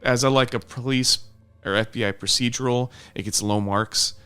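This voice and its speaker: A man's voice: mid-range voice, steady tone, normal speed, bright, forceful tone, clear, resonant tone, soft background music. A man co-hosting a film review podcast in casual chat, laid-back and frank, often chuckling between his points. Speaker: podcast co-host.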